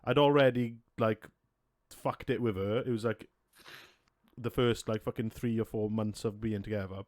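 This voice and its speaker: A man's voice: fairly low pitch, fairly even intonation, moderate pace, darkish tone, no echo, studio quality. A man, co-hosting a podcast and telling a rowdy, sweary story with a lot of laughter. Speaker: podcast co-host. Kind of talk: casual storytelling chat.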